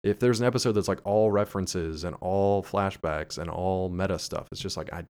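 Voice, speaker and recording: Low-voiced sardonic man in casual chat. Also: moderate pace, a little mellow, smooth. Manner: sardonic, profane, exaggerated complaints. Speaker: podcast co-host.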